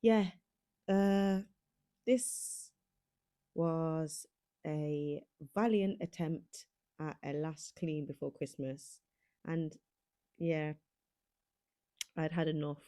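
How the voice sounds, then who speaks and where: A woman's voice: sits low, fairly even intonation, slow, long pauses, warm tone. A young woman vlogging to camera, a mum of three chatting casually and self-deprecatingly with lots of ums.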